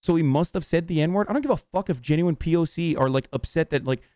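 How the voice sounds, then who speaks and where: Male streamer, heated profane rant to chat, smooth resonant voice, fairly high, dry close sound. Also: dark tone, no echo. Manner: profane, agitated, halting restarts.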